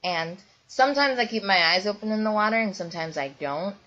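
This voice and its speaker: A woman's voice: mid-range voice, animated, a little fast. A young woman vlogging casually to camera, rambling with lots of ums and likes. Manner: rambling, many ums and likes, bursts into loud squeals when retelling. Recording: dull lo-fi webcam audio.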